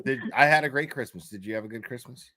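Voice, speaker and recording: A man's voice: medium pitch, fast, fairly bright tone, no echo, studio quality. A man hosting a call-in show, joking and teasing the caller, swearing casually. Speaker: host.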